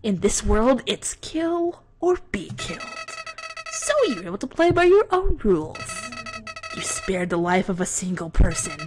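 Woman putting on a shrill, sneering flower villain. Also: wildly swooping pitch, measured pace, darkish tone, slight background noise, full character voice. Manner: shrill, mocking, menacing. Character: sneering villainous talking flower, male, smug. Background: game music.

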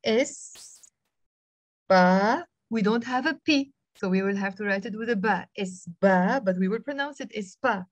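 A woman with a Lebanese accent teaches beginners over a video call, patient and encouraging as she spells out each letter slowly. Her voice sits at a middle pitch and sounds close and dry, with no room around it. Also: no room sound. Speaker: Arabic teacher. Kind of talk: live online language lesson.

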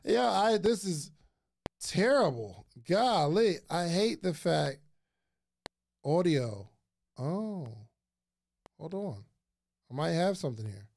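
Man, high voice, gravelly, excitable, casual livestream host, repeats himself. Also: takes it slowly, pauses often. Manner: excitable, repeats phrases, chatty with viewers. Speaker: podcast host giving advice.

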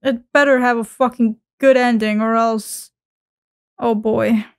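A woman's voice: fairly high pitch, steady tone, unhurried. A woman giving casual let's-play commentary, swearing and venting in an exasperated, mock-dramatic way. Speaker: gameplay streamer.

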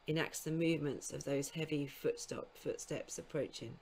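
A woman giving a recorded literature lecture to school students, explaining in a measured way and now and then correcting herself mid-phrase. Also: low voice, darkish tone. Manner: speaks scansion aloud in sing-song beats. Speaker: university lecturer.

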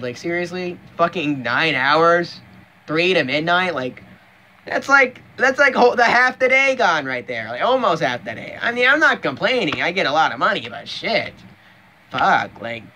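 Profane, animated young man ranting. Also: a little high, slight background noise. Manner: profane and emphatic, with frequent restarts. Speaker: vlogger. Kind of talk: casual vlog rant.

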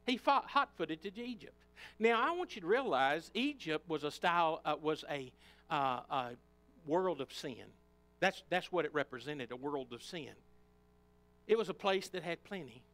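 Man, Appalachian accent, high-pitched preacher, impassioned Sunday sermon in a church. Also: fairly bright tone. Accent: Appalachian American. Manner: impassioned preaching, rising and falling in pitch and volume. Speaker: pastor. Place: church sanctuary.

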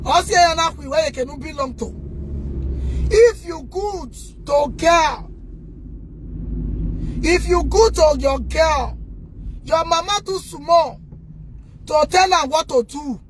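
A Nigerian woman rants straight to the camera with a very high, piercing voice. She scolds loudly and indignantly and keeps turning to her viewers to take her side. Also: takes it slowly, pauses often, a little hiss or hum. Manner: scolding, loud and indignant, addressing viewers directly. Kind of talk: impassioned rant to the camera.

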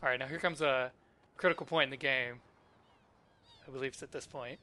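A man's voice: medium pitch, fairly even intonation, fairly quick, long pauses, bright, forceful tone. A man hosting a let's play, thinking aloud and easily delighted as he plays. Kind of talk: casual gameplay commentary.

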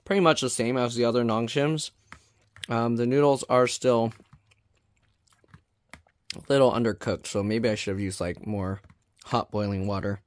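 A man casually reviewing a food product on his vlog, reading the label aloud in a plain, even way with chatty asides. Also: medium pitch, normal speed, long pauses, no room sound.

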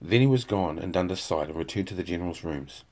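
Casting: male audiobook narrator, deep voice, steady delivery. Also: fast talker. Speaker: audiobook reader. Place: home.

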